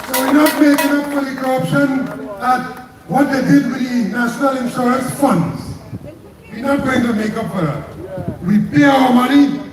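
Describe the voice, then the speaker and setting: A man's voice: very high voice, moderate pace. A man with a Trinidadian accent, a trade union president giving a fiery May Day speech at an outdoor street rally, repeating his slogans. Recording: echoey PA from far off with crowd.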